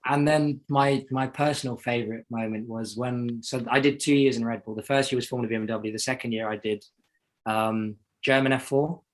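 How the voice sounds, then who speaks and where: A young South African man, a racing driver, talks casually as an interview guest in a steady, mid-range voice at a brisk clip. He rambles and puts himself down, restarting often.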